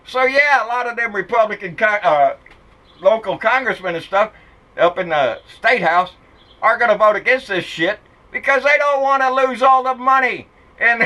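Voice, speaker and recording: Blunt, profane man, high and bright. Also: poor audio. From Texas. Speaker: political vlogger. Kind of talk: ranting political commentary.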